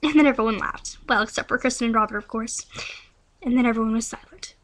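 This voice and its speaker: A woman's voice: a little high, fast, a bit bright. A young woman telling a rambling, silly made-up story in a playful, giggly way. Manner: giggly, playful, breaks into song.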